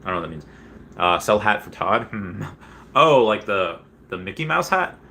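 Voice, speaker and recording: A man's voice: lowish voice, sing-song, moderate pace, sharp tone, slight background noise. A young man casually chatting on a livestream, rambling with many fillers as he reads chat messages and reacts. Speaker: streamer reading chat.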